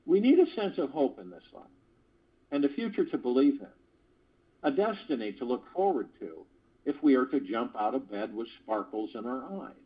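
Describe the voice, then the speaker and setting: A man with a slightly husky, breathy voice reads an earnest spiritual talk to callers and throws in playful asides. The sound is dull and lo-fi, like it was recorded over a conference phone line. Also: medium pitch, big pitch swings, moderate pace. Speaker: host of a spiritual call. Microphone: phone conference call.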